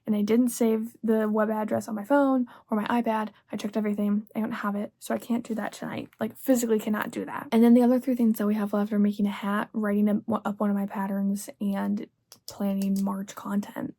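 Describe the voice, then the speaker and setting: A woman's voice: medium pitch, mellow. A young woman vlogging in a casual, rambling way, partly whispered late at night. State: sleepy at two in the morning. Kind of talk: casual chat to camera.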